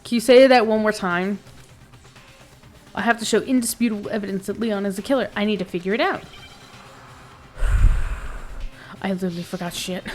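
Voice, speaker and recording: Woman streamer, giggly, swears, reads on-screen text aloud, flustered gamer chatter, faint music behind. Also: mid-range voice. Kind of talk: live let's play commentary.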